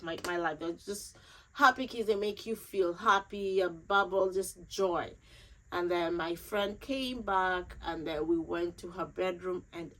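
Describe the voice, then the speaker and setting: A woman's voice: lowish voice, a bit bright, low-quality recording. Earnest woman sharing a grieving story. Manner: emotional, earnest, repeats phrases for emphasis. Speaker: vlogger. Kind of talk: personal storytelling to camera.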